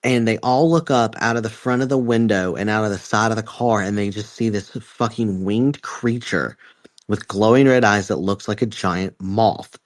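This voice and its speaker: A man's voice: on the low side, moderate pace, no echo. A man from West Virginia, telling a story casually on a podcast in a rambling, profane way with lots of fillers. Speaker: podcast host.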